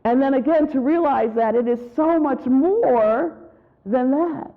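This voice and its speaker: A woman gives a spiritual retreat talk, with a slightly gravelly voice. She tells her stories in an animated way and acts out what people said. The sound is thin and tinny, like it came over a phone line. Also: sits high, unhurried. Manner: animated storytelling, acts out quotes. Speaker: retreat speaker.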